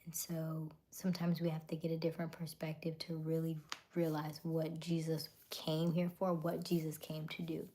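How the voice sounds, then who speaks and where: A woman hosting a casual livestream, chatting with viewers and greeting them by name, often sliding into a soft near-whisper. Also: low-pitched, monotone, moderate pace. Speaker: livestream host.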